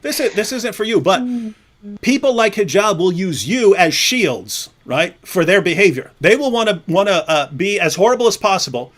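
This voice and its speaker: A man's voice: high-pitched, lively intonation, moderate pace, fairly bright tone. A man hosting a livestream, taunting and mocking with frequent laughs. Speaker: livestream host. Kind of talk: provocative livestream chat.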